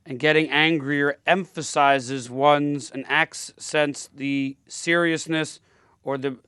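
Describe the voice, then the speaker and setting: A man's voice: fairly high pitch, fairly even intonation, slow pace, pushed and bright, clean tone, no echo, studio quality. A man in a podcast debate, talking emphatically and acting out quoted speech.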